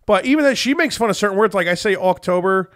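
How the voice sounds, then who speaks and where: High bright-voiced New Jersey man. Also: lively intonation, rapid-fire, dry recording, studio quality. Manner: rambling, profane storytelling. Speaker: podcast co-host. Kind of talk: casual chat.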